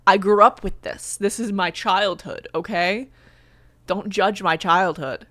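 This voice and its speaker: A young woman YouTuber reads a fanfic aloud, adding sarcastic, playful asides for comedic effect. Her medium-pitched voice is steady, unhurried and a bit bright, in a dry recording.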